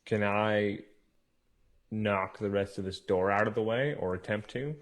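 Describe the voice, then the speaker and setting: A man's voice: fairly low pitch, unhurried. A man playing a tabletop game, chatting casually and often repeating words as he starts. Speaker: player.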